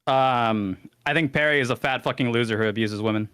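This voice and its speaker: A man arguing in a casual online debate over a voice call, talking fast and rambling through his points. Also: mid-range voice, fairly bright tone, clean tone, dry recording, clean studio sound. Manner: rapid, argumentative, rambling. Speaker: debater, YouTuber.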